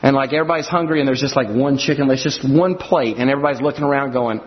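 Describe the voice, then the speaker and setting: A man preaching a sermon in an animated way, acting out scenes from scripture and everyday life. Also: medium pitch, fast talker. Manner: animated, acts out scenes in character voices. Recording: dull lo-fi audio.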